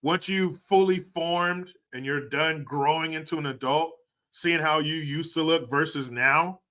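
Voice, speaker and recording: A man streaming and commenting casually, sarcastic and profane, often getting loud and animated. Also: a little high, a little slow.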